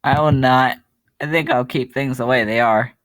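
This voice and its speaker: A man's voice: mid-range voice, fairly even intonation, moderate pace, a bit bright. A man giving casual commentary on a web game, rambling and mocking himself, often breaking into laughter. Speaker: YouTuber playing a web game.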